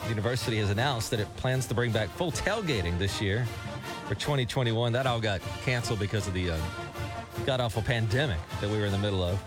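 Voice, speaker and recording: A man's voice: fairly low pitch, fast, over music. A man from Alabama hosting a morning radio show, chatty and telling stories. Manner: chatty storyteller, animated. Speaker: radio host.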